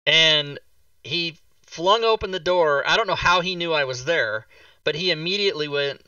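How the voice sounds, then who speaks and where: Host, male: bright, animated storyteller, dry dull mic a little off. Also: fairly high pitch, moderate pace, no room sound, far from the mic. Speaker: talk show host. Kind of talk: casual livestream chat.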